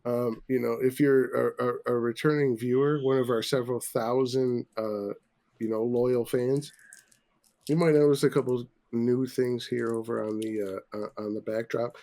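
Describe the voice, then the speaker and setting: A man's voice: mid-range voice, fairly even intonation, moderate pace, mellow. A man hosting a casual podcast, ranting profanely about sports after a few drinks. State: tipsy. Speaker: podcast host.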